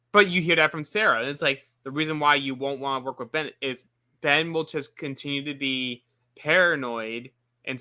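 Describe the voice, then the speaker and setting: A man's voice: medium pitch, sharp tone. A man co-hosting a casual recap show, rambling with lots of filler words. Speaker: after-show co-host.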